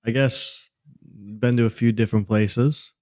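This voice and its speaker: Slow, hesitant young man on a podcast. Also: mid-range voice, fairly even intonation, a little mellow, no echo, studio quality. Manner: halting, hesitant, easygoing. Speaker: podcast co-host. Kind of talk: casual podcast chat.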